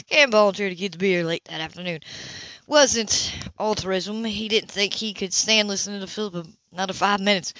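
Bright-voiced woman reading a novel aloud. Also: mid-range voice, dry recording, highs cut off. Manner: plain reading with slips and restarts. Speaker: amateur audiobook reader. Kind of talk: novel narration read aloud.

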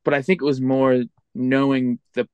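A man's voice: mid-range voice, flat delivery, moderate pace, clean tone, no room sound. A man, a guest musician, telling candid, self-deprecating stories in a casual interview chat.

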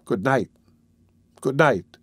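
A man's voice: medium pitch, animated, slow pace, a bit bright, husky, no room sound, heavily acted. A man reading an audiobook, voicing a frightened, desperate young woman with an urgent, pleading delivery. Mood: despairing.

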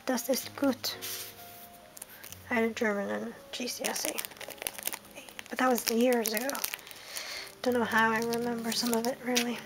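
A young woman in her twenties from the United Kingdom, murmuring card names one by one in a soft list and reacting with small bursts of excitement as she opens packs. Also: fairly high pitch, low-quality recording. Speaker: card-opening vlogger. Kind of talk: casual card-opening commentary.

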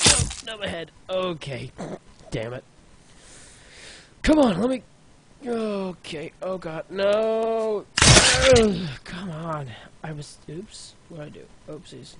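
A man plays a video game and gives frustrated commentary, exclaiming at each failure and muttering between tries. His voice sits fairly high, swings widely in pitch and moves at a slow pace, over clear background noise. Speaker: gaming YouTuber. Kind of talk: let's play commentary.

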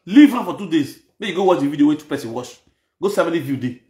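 A man's voice: on the high side, expressive, rapid-fire, dark tone. A man speaking in a Nigerian Pidgin accent, giving mocking, scolding gossip commentary and repeating lines for emphasis. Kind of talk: ranting commentary. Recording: echoey room.

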